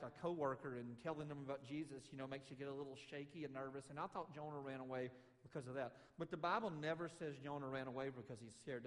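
A man preaching a sermon in a conversational, animated way, acting out quotes with rising emphasis. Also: fairly high pitch. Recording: long hall reverb.

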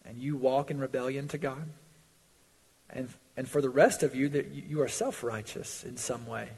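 A man preaching a sermon in earnest, swelling loud on pleas and dropping low on warnings, in a church sanctuary. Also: moderate pace, gravelly, breathy edge. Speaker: pastor. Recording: long hall reverb.

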